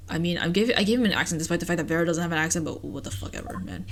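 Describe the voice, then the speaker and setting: A woman's voice: lowish voice, lively intonation, racing, hardly any pauses. Young woman chatting while she plays a story game, offhand and kinda sweary, faint music underneath. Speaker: let's play streamer. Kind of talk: casual game commentary.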